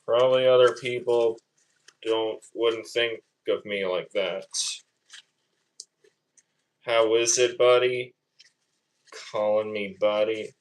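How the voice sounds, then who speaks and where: A man talks into his phone camera in his home kitchen, his voice sitting on the low side. He speaks slowly and loosely, drifting between asides and repeating himself in a casual livestream ramble. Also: steady tone, low-quality recording. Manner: rambling, repeats phrases, self-conscious asides. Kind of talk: casual livestream chat while cooking.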